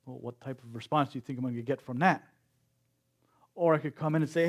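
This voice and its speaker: A middle-aged man giving a slow, earnest sermon at a spiritual service, sometimes acting out quotes. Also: medium pitch. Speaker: speaker at a spiritual center service.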